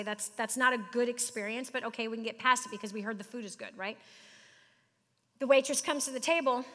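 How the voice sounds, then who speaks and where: A middle-aged woman giving an animated, joking seminar talk to a live audience, speaking straight to the crowd. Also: a little high, in a large hall. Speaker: business speaker. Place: large hall with audience.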